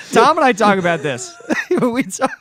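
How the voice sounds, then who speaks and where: Teasing young man, lively voice. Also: high-pitched. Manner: teasing, joking, quick to laugh. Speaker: podcast co-host. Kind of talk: casual chat.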